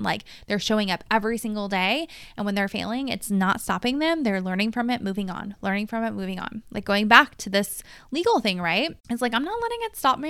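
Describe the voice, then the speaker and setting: Middle-aged woman coach hosting a solo podcast; smooth, resonant voice, dry close mic, casual and cursing. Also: medium pitch, no echo. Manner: casual, animated, swears freely.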